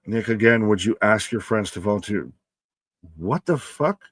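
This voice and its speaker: A man's voice: lowish voice, lively intonation, moderate pace, husky, no room sound. A man hosting a casual live stream, calling the match play by play and reading chat comments aloud, loose and profane and often laughing.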